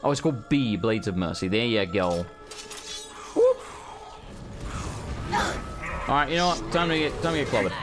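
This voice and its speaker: A man's voice: mid-range voice, big pitch swings, normal speed, pauses often. Joking man commenting on his gameplay. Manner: joking, loud outbursts, swearing. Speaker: let's play host. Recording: game music in background.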